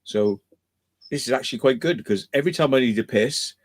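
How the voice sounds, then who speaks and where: A man's voice: medium pitch, a little fast, slight background noise. Rambling, sweary man hosting a livestream. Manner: rambling, swears freely, laughs often. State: kidney stone trouble. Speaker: livestream host. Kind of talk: casual livestream chat.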